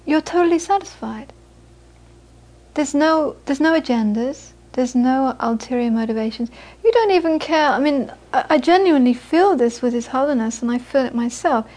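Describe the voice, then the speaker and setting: A woman teaching Buddhism to a live audience, moving from lively anecdotal storytelling into quiet, reflective teaching. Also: high-pitched, normal speed. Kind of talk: dharma talk to a live audience.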